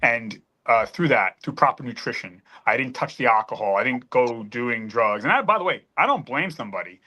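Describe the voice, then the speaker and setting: A man's voice: mid-range voice, lively intonation, a little fast, sharp tone. A middle-aged man telling a painful personal story on a panel, earnest and emphatic, choked up at times. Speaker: panel guest.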